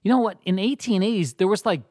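A man's voice: sits high, fast talker, a little mellow, no room sound, clean studio sound. A man hosting a radio show, bantering in a jokey, self-mocking way. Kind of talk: casual banter.

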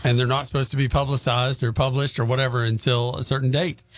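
A man co-hosting a morning radio show, telling stories in casual, animated banter. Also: mid-range voice, quick pace, no echo. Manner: chatty storyteller, animated. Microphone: studio microphone.

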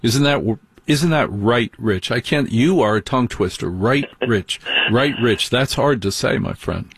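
A man's voice: medium pitch, a little slow, breathy edge, no echo. A man hosting a radio talk show, giving opinionated advice and playing out little dialogues as he talks. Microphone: studio microphone.

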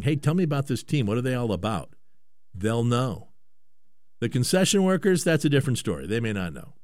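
A man's voice: medium pitch, no room sound, studio quality. Emphatic man on sports radio. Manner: emphatic, repetitive rhetorical questions; stammers on restarts. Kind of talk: opinionated sports radio monologue.

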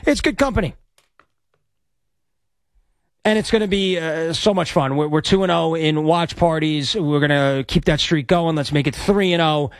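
A man's voice: fairly high pitch, normal speed, hardly any pauses, no echo, clean studio sound. A man hosting sports talk radio, brash and rambling as he plugs an event and takes calls. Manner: brash, rambling, self-promoting. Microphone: studio microphone.

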